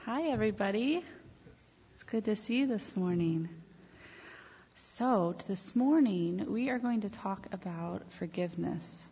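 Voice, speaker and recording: A woman's voice: medium pitch, animated, measured pace, breathy edge. Woman telling children a Bible story. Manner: gentle, questioning, storytelling to children. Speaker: children's time leader. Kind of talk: children's sermon. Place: church sanctuary. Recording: echoey church hall, dull lo-fi sound.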